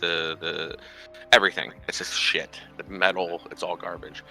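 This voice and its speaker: A man's voice: sits low, little pitch movement, moderate pace, gravelly, sharp tone, faint music behind, rough recording. A man co-hosting a radio show, ranting animatedly in casual, profane chat.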